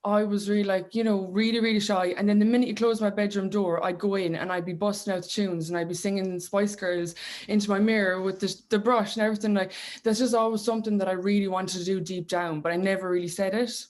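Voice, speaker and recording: A woman's voice: mid-range voice, fairly even intonation, quick pace, darkish tone. Young Clare woman, radio guest, chatty and rambly, laughs a lot. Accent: Clare Irish. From Ireland. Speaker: guest singer. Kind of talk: casual radio interview chat.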